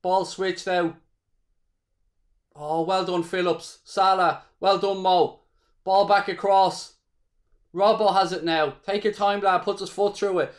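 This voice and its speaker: Slow and pausing often, this Irish man speaks in a high, level voice. He's hosting a live football watchalong, calling the play as a fan, swearing openly and talking with viewers.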